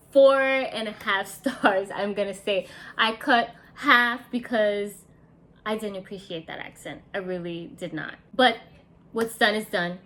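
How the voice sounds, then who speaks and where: A woman's voice: medium pitch, a bit bright. A woman casually reviewing a classic movie, chatty and enthusiastic, with lots of fillers.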